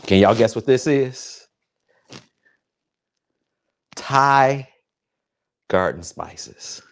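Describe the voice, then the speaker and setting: Low-voiced excitable man cooking live. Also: unhurried, creaky. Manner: excitable, crude, jokey, chats directly to viewers. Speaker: home cook hosting a cooking show. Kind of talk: casual cooking livestream talk.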